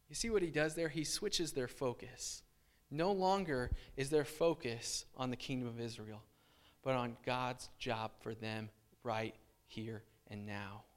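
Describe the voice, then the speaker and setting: A pastor preaching a sermon in a casual, animated way, often restarting his sentences as he explains scripture. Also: on the high side.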